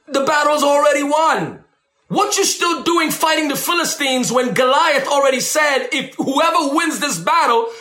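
A man preaching on deliverance, animated and emphatic, who acts out shouting ministers and calls his listeners baby. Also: extremely high pitch, echoey room. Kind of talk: sermon.

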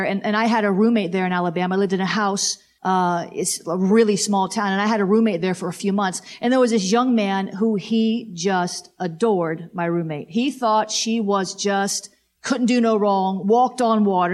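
A woman preaching a sermon, exclaiming praise and repeating key lines, slowing right down to read scripture with weight. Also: mid-range voice. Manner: exclamatory, repetitive, slows down to read scripture emphatically.

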